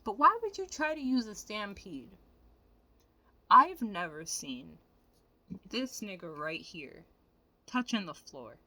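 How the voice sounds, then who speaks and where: Bright, lively woman ranting casually. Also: medium pitch, takes it slowly, pauses often, no room sound. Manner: animated, expressive, profane. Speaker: vlogger.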